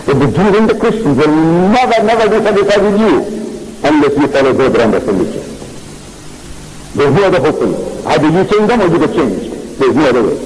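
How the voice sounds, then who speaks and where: A man lectures an audience, pressing his points by repeating phrases and acting out quoted exchanges. His voice sits somewhat high and rises and falls a great deal. Clear hiss and noise run under the old recording. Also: big pitch swings, a little fast. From South Africa. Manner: emphatic, repeats phrases, tells stories with quoted dialogue. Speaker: Islamic lecturer. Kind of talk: public lecture with audience questions.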